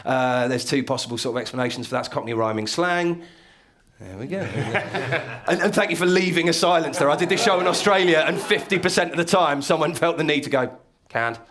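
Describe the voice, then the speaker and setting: A man's voice: on the high side, brisk, a bit bright. Male comic, dry lecture-style stand-up, live room. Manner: dry, wry storytelling with chuckles. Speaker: stand-up comedian. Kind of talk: comedy lecture. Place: live comedy venue with an audience.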